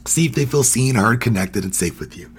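A man's voice: mid-range voice, expressive, a little fast, husky. A man hosting a podcast, talking casually as he teaches, quizzing listeners, laughing often and acting out quoted phrases. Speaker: podcast host.

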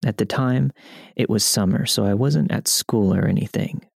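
A man narrating first-person stories as scripted narration, even and matter-of-fact. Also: on the low side, moderate pace, gravelly, breathy edge, dry recording, clean studio sound. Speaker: story narrator.

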